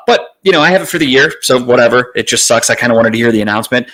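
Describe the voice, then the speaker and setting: A man's voice: medium pitch, rapid-fire, few pauses, fairly bright tone. Casual rambling man podcasting solo. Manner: rambling, swears casually, many "uh" fillers. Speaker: podcast host. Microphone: streaming setup mic.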